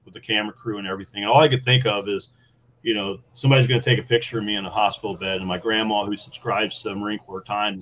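Lowish-voiced man telling war stories. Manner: animated, laughing, many fillers. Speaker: podcast guest, former Marine. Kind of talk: casual storytelling.

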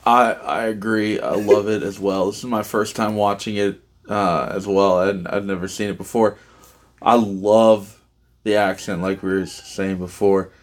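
A man on a casual movie podcast, talking loosely and excitably with lots of fillers. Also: on the low side, unhurried. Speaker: podcast co-host. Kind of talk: casual movie review chat.

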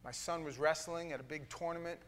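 A man preaching a sermon, telling a story with dramatic swings from hushed lines to loud bursts. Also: fairly high pitch, steady tone, brisk.

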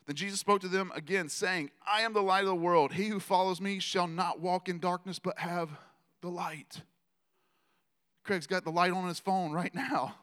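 A man preaching a conversational sermon, joking with the congregation between loud declarations and quiet asides. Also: on the high side, long reverb tail. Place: church gathering.

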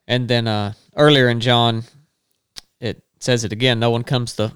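A man with a smooth, mid-range voice reasons through scripture in a relaxed conversation. He thinks aloud and builds his point step by step. The sound is close and dry. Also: medium pitch, normal speed, dry recording. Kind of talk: casual faith discussion.

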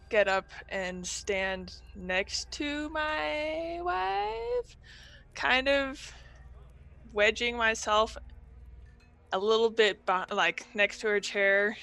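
A woman's voice: medium pitch, pushed and bright. A woman playing a tabletop game, speaking in character and describing her moves. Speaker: player. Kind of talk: in-character role-play and table talk.

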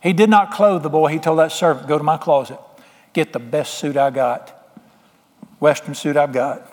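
A man's voice: on the high side, fairly even intonation, normal speed, a little mellow, in a large hall. A man preaching a sermon, folksy, plain-spoken and emphatic with homespun sayings. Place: church sanctuary.

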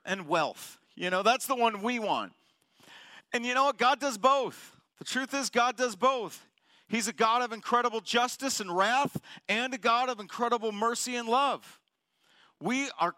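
A man's voice: on the high side, sharp tone, no room sound, studio quality. A man in his forties preaching a sermon in a conversational way, joking with the congregation and firing off emphatic questions. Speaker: pastor.

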